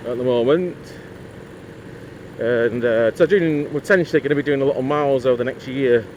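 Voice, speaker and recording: A man's voice: medium pitch, brisk, a little mellow, a little hiss or hum. A man chatting casually to camera for his motorcycle vlog, rambling with lots of asides and fillers. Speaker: motorcycle vlogger.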